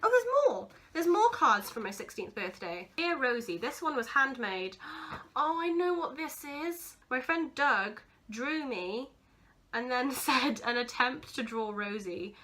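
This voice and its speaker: A woman's voice: high voice, sing-song, a little slow, sharp tone. A young woman vlogging casually, gushing and giggly as she goes through keepsakes, teary-eyed and sentimental. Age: young adult. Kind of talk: casual vlog chat.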